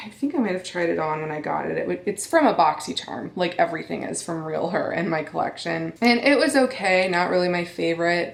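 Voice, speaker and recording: A beauty vlogger in her thirties chats candidly to viewers at home, calling them "you guys" in a casual, talkative way. Her voice is on the low side, and the room is echoey.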